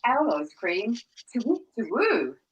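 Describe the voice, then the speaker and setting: A woman's voice: fairly high pitch, sing-song, slow, distant mic, muffled recording, voice pushed up. A woman doing a falsely polite owl. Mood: coaxing. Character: posh, hungry male owl. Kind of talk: reading a picture book aloud.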